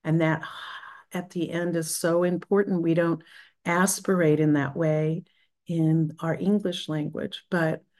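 A woman leading a group practice on a video call, speaking in a gentle, unhurried and encouraging way. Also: low-pitched, level tone. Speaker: spiritual practice leader. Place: Florida.

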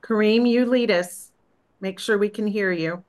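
A woman leading a group practice on a video call, speaking in a gentle, unhurried and encouraging way. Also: mid-range voice. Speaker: spiritual practice leader. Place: Florida.

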